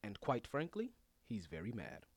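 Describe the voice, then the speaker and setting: A man's voice: mid-range voice, very animated, fast, no room sound, voice pushed down. A man playing a stiff, mock-formal male talk-show host in a comedy sketch. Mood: prim.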